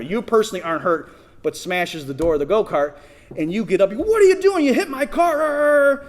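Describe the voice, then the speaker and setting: A middle-aged man speaking at a conference, conversational, often checking in with the audience and restarting sentences. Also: a little high. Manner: conversational, asks the audience, many restarts and "right?". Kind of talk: conference talk. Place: conference hall.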